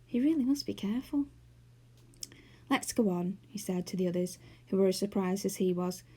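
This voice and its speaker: A woman's voice: mid-range voice, quick pace, mellow, slightly rough. A woman with an English accent reading a children's novel aloud, doing character voices. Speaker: storyteller.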